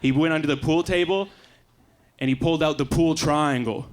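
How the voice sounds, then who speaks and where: A young Canadian man performing a stand-up set in a comedy club, with quick deadpan asides. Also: fairly high pitch. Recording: live club recording with faint crowd noise. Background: faint audience laughter.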